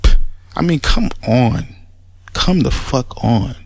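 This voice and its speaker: A man's voice: mid-range voice, lively intonation, darkish tone, dry recording. A man ranting casually in a response video, blunt and profane, stumbling over restarts when heated. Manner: halting restarts, repeats words when agitated. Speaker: commentator making a response video. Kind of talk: casual spoken rant.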